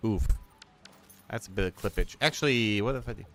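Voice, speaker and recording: A man with a low voice talks casually while he plays, rambling and growing excited as he goes, with a curse thrown in here and there. Faint music plays underneath. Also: fairly quick. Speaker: streamer and storyteller. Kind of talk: casual chat while playing a game.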